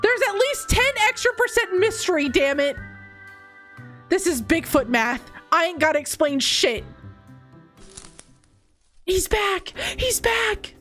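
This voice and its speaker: High, animated woman streaming a game. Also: normal speed, soft background music. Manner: playful, dramatic, swinging between high squeals and mock-low asides. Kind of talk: casual game-stream commentary.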